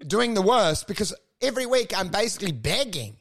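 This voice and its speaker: A man's voice: sits high, big pitch swings, fairly quick, a bit bright. A man riffing as a podcast co-host, rambling and self-mocking with plenty of swearing. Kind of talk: casual comedic podcast chat.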